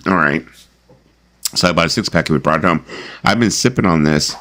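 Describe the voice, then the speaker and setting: A man's voice: sits low, brisk, pauses often, a bit bright. A man hosting a casual livestream chat, joking and laughing often as he drinks. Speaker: livestream host.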